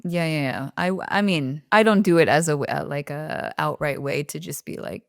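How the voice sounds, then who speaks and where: A low-pitched woman from the United States chats easily as a podcast co-host, laughing often and filling her talk with "like." Her voice sounds close and dry, with no room around it. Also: moderate pace, gravelly, dry recording. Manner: chatty, laughs often, lots of "like". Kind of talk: casual chat.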